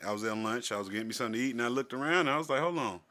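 A man co-hosting a casual podcast, telling a profane story with lots of energy and getting louder and higher as he gets worked up. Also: racing. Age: adult with a wife, working age. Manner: animated, profane storytelling, gets loud and high when worked up. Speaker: podcast co-host.

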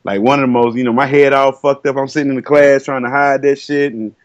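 A man's voice: mid-range voice, little pitch movement, fast, no echo. A man in his thirties, a podcast co-host, telling a long story in casual chat, cursing a lot and acting out what others said. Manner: laid-back storytelling, heavy cursing, acts out quotes. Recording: dull lo-fi sound.

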